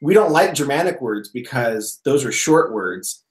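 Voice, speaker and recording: A man chatting on a podcast, swinging his pitch widely as he acts out the people in his anecdotes. He laughs often and keeps the story rolling. The room is echoey. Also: expressive, unhurried. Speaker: podcast co-host. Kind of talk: casual chat.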